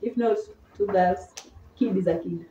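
A woman's voice: medium pitch, unhurried, warm tone, dull audio. A young woman from Kenya hosting a casual, playful question-and-answer chat with a friend. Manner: giggly, playful, teasing. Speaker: host. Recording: echoey room, distant mic, faint hiss.

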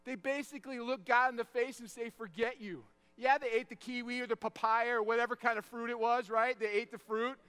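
A man in his thirties preaching an energetic sermon, telling stories, shouting the punchlines and dropping soft for the tender moments. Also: very high-pitched, a little fast, hardly any pauses, clear, resonant tone. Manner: animated, shouts punchlines, drops to soft tones for emotional moments.

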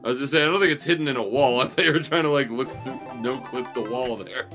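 A man's voice: medium pitch, quick pace, over music. An American man co-commentating a game stream, teasing and swearing casually. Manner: teasing, profane.

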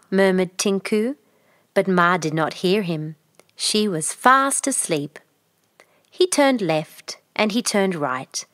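A woman narrates a children's storybook in a gentle, expressive read-aloud manner. She goes slowly, and her pitch moves a lot. The recording is close and dry. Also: no echo.

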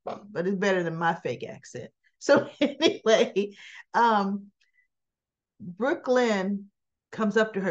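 A woman with a mid-range voice recaps a daytime soap episode slowly, pausing often. As a soap opera reviewer, she tells it casually but with animation, performing the characters' lines as quoted dialogue, all captured in slightly dull lo-fi sound.

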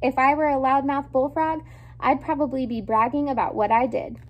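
A woman reading a children's chapter book aloud with expressive, lively storytelling. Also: high-pitched, moderate pace, highs cut off. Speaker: storybook reader.

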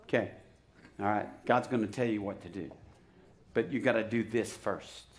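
A pastor preaching a sermon in a church, chatty and joking at times, then rising to loud, fervent exhortation. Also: male voice, on the low side, steady tone, normal speed. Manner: conversational preaching that swells to loud, shouted exhortation; joking asides and frequent restarts. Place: church sanctuary.

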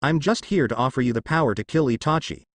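Brief: man putting on a sly female ninja, silky and mocking, animated delivery. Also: mid-range voice, quick pace, no room sound, lightly acted.

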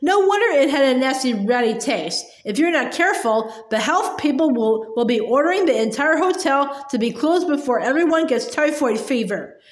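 A woman's voice: high voice, animated, normal speed, hardly any pauses. A woman reading the part of a fierce, indignant elderly grandmother who scolds relentlessly. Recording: roomy echo.

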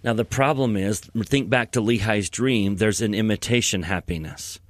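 A man's voice: lowish voice, moderate pace, no echo, clean studio sound. A man co-hosting a scripture podcast, explaining earnestly and reading verses at length. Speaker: podcast co-host. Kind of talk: casual scripture discussion.

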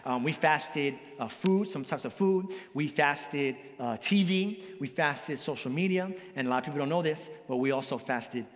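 A male pastor preaching a sermon in a lively, joking way, with big swings in pitch. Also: normal speed, hardly any pauses. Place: church hall. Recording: long church hall reverb.

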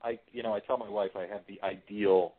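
A man in his forties, a screenwriter and voice actor, chatting casually as an interview guest, relaxed and full of restarts. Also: fairly low pitch, a little fast. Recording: tinny phone line.

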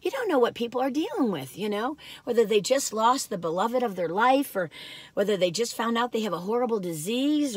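A woman's voice: on the high side, slightly rough, no echo. Chatty older woman vlogging from her car. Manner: talkative, warm asides to viewers, frequent laughs and fillers. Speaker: vlog host reviewing cookies. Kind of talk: chatty rambling vlog talk.

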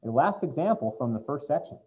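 A man's voice: medium pitch, animated, brisk, darkish tone, low-quality recording. A man teaching a chemistry lesson to his students in a chatty, joking way, walking them through worked examples. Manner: jokey, chatty, talks straight to students. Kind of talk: recorded classroom lecture.

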